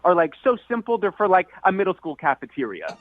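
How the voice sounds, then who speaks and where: A man's voice: high-pitched, expressive, fast talker, dry recording. A man on a radio call-in segment, indignant and exasperated, ranting about a date. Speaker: caller on a radio dating segment. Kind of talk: radio call-in phone conversation. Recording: tinny phone line.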